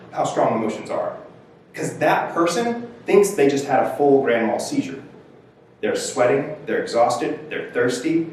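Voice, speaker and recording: A man's voice: mid-range voice, a little hiss or hum. Counselor guy giving a talk, chatty lecture style, punches key words, sounds far from the mic in a big echoey room. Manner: conversational lecturing, rising emphasis on key words. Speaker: mental health counselor presenting. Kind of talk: educational presentation.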